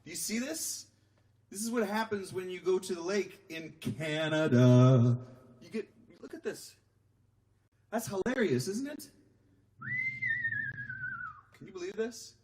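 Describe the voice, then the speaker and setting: A man's voice: sits high, lively intonation, measured pace, pauses often, darkish tone. A singer-songwriter man chatting casually with live-stream viewers between songs, rambling and self-deprecating as he reads their comments aloud from home. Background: acoustic guitar playing.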